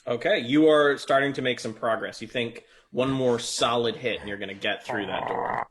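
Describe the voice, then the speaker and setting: A man narrating as dungeon master at a mid pitch, talking in a loose, rambling way. He circles back with fillers as he describes the scene. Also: moderate pace, a bit bright. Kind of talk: narrating a tabletop game.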